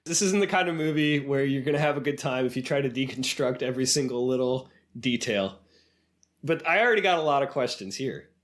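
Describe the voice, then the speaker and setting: A man's voice: mid-range voice, animated, a little fast. A man co-hosting a film podcast, wryly poking fun at a movie in casual chat. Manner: wry, mocking, puts on silly voices when quoting characters. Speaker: podcast co-host.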